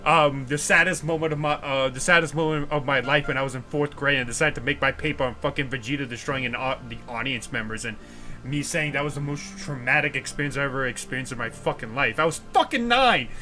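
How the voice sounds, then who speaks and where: A man's voice: mid-range voice, quick pace, bright, forceful tone, soft background music. A young man from the United States who hosts a casual livestream, rambling and ranting with frequent swearing. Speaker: livestream host.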